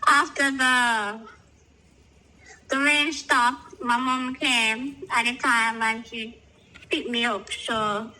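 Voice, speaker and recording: A woman with a Jamaican accent, speaking through a voice disguise filter and telling her life story haltingly, with many pauses. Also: on the high side, steady tone, bright, forceful tone, low-quality recording. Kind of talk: personal storytelling over a call.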